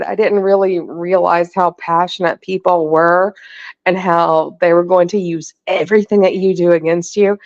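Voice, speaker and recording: A woman in her forties, a guest in casual chat, blunt and quick to laugh and swear. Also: medium pitch, lo-fi sound.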